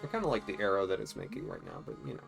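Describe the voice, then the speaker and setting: A let's play host chatting casually and joking while playing a life-sim game, thinking out loud. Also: low-pitched, wildly swooping pitch, very fast, creaky, loud music behind the voice. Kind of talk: casual gameplay commentary.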